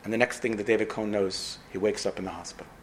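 A man's voice: lowish voice, fast, slight background noise. A man with an American accent telling a story to students, acting out the characters. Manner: animated, acts out characters. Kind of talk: storytelling talk.

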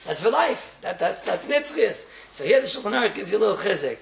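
A man's voice: high voice, very animated, fairly quick, vocal fry. A man teaching a Torah class, emphatic, repeating key phrases and chuckling as he explains. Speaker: rabbi teaching a morning class. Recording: roomy echo.

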